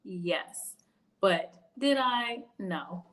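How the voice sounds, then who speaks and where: A woman's voice: mid-range voice, expressive, extremely slow, fairly bright tone. Young woman chatting on a stream, laughs a lot, goes off on little story tangents. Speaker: career video host. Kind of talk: casual livestream chat.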